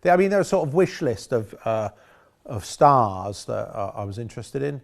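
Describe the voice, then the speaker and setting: A man's voice: medium pitch, very animated, normal speed, creaky. A man talking about his past work as a film director in a casual interview, rambling with frequent restarts and self-corrections.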